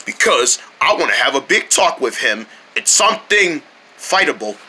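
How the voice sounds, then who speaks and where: Performer putting on a low gruff cartoon owl, blustery, slow, husky, very bright. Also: big pitch swings, full character voice. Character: new owl in pants, gruff and picking a fight.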